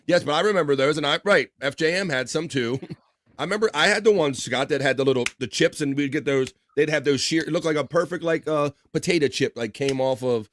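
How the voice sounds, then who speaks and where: A man's voice: on the high side, brisk, a bit bright. A man hosting a casual live stream, rambling, laughing often and restarting his sentences. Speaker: livestream host.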